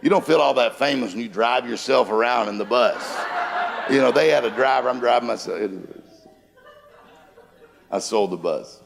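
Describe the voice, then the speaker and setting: Gravelly man telling stories in a hall. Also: medium pitch, normal speed, pauses often. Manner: anecdotal storytelling with jokes. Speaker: motivational speaker. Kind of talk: humorous motivational seminar talk. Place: church auditorium. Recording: long hall reverb from a large room.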